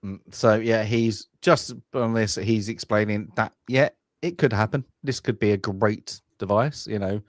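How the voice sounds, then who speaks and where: A man's voice: lowish voice, unhurried, hardly any pauses, dry recording, clean studio sound. A man co-hosting a film club, chatting casually and rambling, often laughing and acting out lines from the film.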